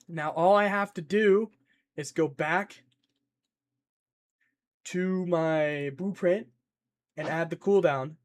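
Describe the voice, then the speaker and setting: Slow, rambling young man streamer. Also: on the high side. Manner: rambling, playful, reads chat aloud and thinks out loud. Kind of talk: live-stream chat while coding.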